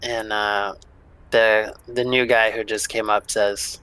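A man's voice: lowish voice, flat delivery, slow, pushed and bright, smooth, no room sound, rough recording. A man narrating a tabletop game as game master, in a loose, casual way with many fillers.

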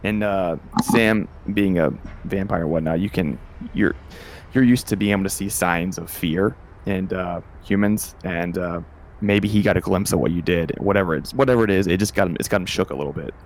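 A man's voice: sits low, moderate pace, a little hiss or hum. A man narrating as game master of a tabletop game in a loose, filler-heavy way.

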